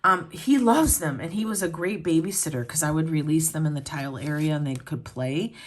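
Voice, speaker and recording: A middle-aged woman with a notably low voice chats casually with her viewers at home. She rambles from one thing to the next and talks to them as friends. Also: fairly quick. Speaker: planner vlogger. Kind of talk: casual chat.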